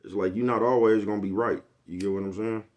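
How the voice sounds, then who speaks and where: A man with a deep, low voice rambles through a casual monologue to his viewers. He swears freely and keeps asking whether they know what he is talking about. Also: steady tone, fast talker, darkish tone. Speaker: vlogger.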